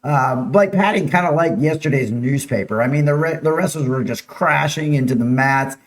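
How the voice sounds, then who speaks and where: A man's voice: on the high side, normal speed. A man hosting a casual live-streamed local news show, chatting with viewers and talking over slides. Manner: chatty, upbeat, reads viewer names and slides aloud.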